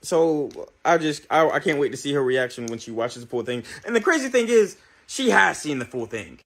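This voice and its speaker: A man talks straight to camera in a video clip, earnest and insistent as he explains himself. His voice sits a little high for a man. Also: animated, normal speed, a bit bright. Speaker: video creator. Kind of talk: talking to camera in a played clip.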